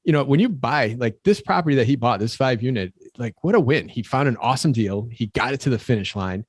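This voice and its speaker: A man's voice: medium pitch, expressive, fast, no room sound, clean studio sound. A middle-aged man, co-hosting a podcast in casual chat, upbeat and often repeating words as he thinks. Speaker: podcast co-host.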